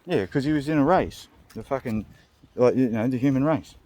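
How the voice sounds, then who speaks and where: A man's voice: medium pitch, a little fast, dark tone. A young Australian man rambling through a comedic vlog, crude and joking, often laughing. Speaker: vlog host.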